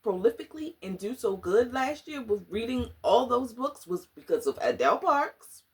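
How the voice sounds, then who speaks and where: A woman's voice: fairly high pitch, normal speed. Woman gushing about books on her vlog, slangy and dramatic, voice jumps all over the place. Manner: animated, slangy and dramatic, often laughing. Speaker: book vlogger. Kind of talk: casual book review vlog.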